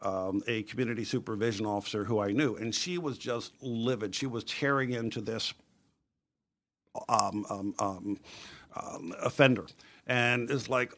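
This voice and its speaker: Man, interviewer, emphatic, animated storyteller. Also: mid-range voice, normal speed.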